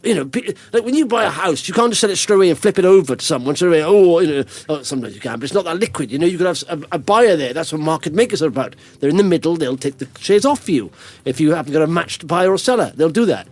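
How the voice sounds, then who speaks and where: A man's voice: on the high side, lively intonation, fast, darkish tone. A man hosting a podcast, telling rambling stories full of restarts and fillers in a casual chat. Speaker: podcast host.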